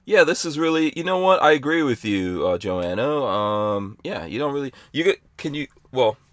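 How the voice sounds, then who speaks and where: A man's voice: medium pitch, sing-song, normal speed, dry recording. A man hosting a podcast in a rambling, playful way, reading out chat comments. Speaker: podcast host.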